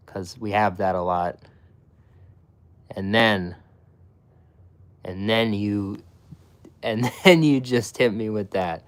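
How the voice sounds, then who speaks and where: A man's voice: fairly low pitch, slow, long pauses, a bit bright, clear, resonant tone. A young man streaming live, chatting casually with his viewers and swearing a lot. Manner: profane, talks to chat.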